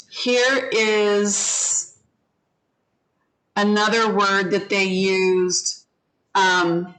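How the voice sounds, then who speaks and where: A woman teaching an English class, speaking at an unhurried, deliberate pace. She explains each word patiently and asks her students to say it back with her. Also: medium pitch, fairly bright tone, rough recording. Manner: slow, patient, leads the class in repeating words. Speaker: ESL teacher. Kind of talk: online vocabulary lesson.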